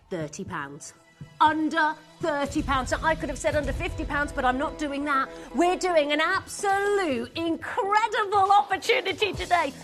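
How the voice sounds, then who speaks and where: On a live TV shopping channel, a woman with a high-pitched, fairly bright voice presents jewelry from the studio. She's chatty and gushing, greeting viewers by name as she makes her sales pitch.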